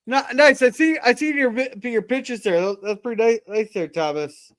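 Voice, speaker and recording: A man's voice: very high voice, normal speed, a bit bright, dry recording. A man from Canada hosting a casual live stream, reading viewer comments aloud and joking with guests. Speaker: host reading chat.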